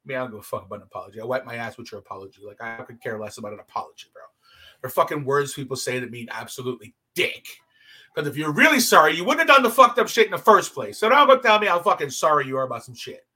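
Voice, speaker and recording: A man with a very bright, sharp, cutting voice tells a story in casual talk. He swears heavily and often flares up into shouted, heated outbursts. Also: mid-range voice, sing-song, rapid-fire, breathy edge. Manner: profane, heated, bursts into shouting.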